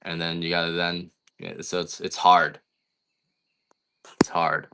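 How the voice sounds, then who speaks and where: A man's voice: deep voice, little pitch movement, unhurried, creaky, background noise. A middle-aged man who sells coffee on a livestream, chatting in a blunt, rambling, complaining way. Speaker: coffee farmer selling on a livestream. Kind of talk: casual livestream chat.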